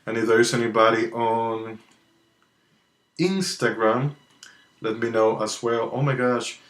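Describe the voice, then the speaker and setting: A man's voice: medium pitch, takes it slowly. A man hosting a live tarot card reading, chatting casually and greeting his viewers one by one. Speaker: tarot reader hosting a livestream. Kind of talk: casual livestream chat. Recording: roomy sound with soft music behind. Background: soft relaxing music.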